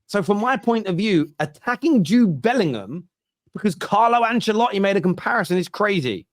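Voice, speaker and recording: A man hosting a football fan show, reacting fast to viewer comments in casual discussion. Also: high voice, sing-song, no echo, studio quality.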